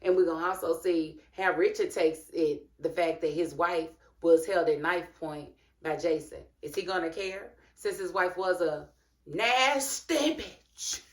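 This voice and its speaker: A woman's voice: sits low, steady tone, normal speed, few pauses, roomy sound. Chatty woman recapping a TV episode. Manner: chatty, colloquial, talks straight to viewers as "honey" and "y'all". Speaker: TV episode reviewer, channel host. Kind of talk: casual recap and review vlog.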